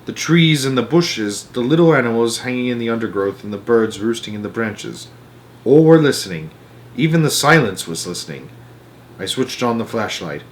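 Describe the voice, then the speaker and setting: Storytime host, man, hushed dramatic read-aloud, mid-pitched voice. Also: lively intonation, normal speed, slight background noise. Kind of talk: reading a children's book aloud.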